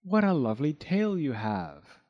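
A man voicing a gentle, kind old man of the mountains in a storybook. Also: fairly high pitch, huge pitch swings, measured pace, muffled recording. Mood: flattering. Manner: gentle, surprised, pleading.

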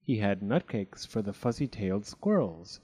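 A man reading a children's storybook aloud in an expressive, animated way. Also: on the low side, normal speed, slightly rough.

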